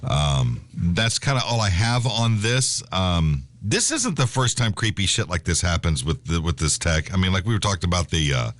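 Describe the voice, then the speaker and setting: Rambling radio host, low lively voice. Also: male voice, moderate pace, few pauses, no echo. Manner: rambling, reads news aloud, many fillers. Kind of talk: casual radio talk. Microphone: studio mic.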